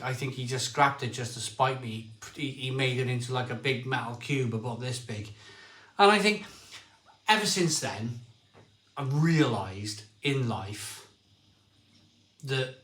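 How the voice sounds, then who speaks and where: A middle-aged man hosting a casual livestream, telling rambling, excitable stories and reading out viewer comments. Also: medium pitch, a little slow, reverberant. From Barry, Wales. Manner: rambling storyteller, lively and excitable, often restarts sentences. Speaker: livestream host.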